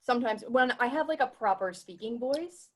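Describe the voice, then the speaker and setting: A woman with a Rhode Island accent, co-hosting a podcast and telling stories in a lively, wry way. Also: on the high side, moderate pace. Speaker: podcast co-host. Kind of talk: casual chat.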